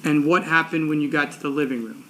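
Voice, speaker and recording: Lawyer guy, kinda higher voice, short plain questions, faint hiss. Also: fast, pushed and bright. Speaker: attorney questioning a witness. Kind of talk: courtroom direct examination. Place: courtroom.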